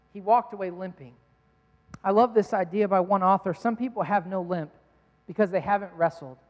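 A man preaching a sermon as pastor, telling a personal story earnestly and with many restarts. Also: sits high. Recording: dull sound in a hall with long reverb.

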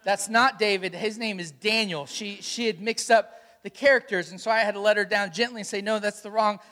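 High-voiced male pastor in a reverberant hall. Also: fairly quick. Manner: storytelling, animated, asks the congregation questions. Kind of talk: sermon.

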